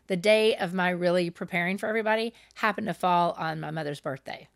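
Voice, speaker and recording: A middle-aged woman co-hosting a podcast, telling personal stories candidly, animated and self-deprecating, often laughing at herself. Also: fairly low pitch, a little fast, gravelly, no echo, studio quality. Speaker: podcast co-host. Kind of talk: candid conversational storytelling.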